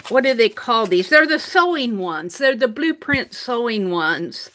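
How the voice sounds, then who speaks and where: Bright-voiced older woman chatting on stream. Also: on the high side, big pitch swings, unhurried. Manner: chatty, reads and answers viewer comments aloud, laughs often. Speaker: craft live-streamer. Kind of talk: casual live-stream chat while crafting. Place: home craft room.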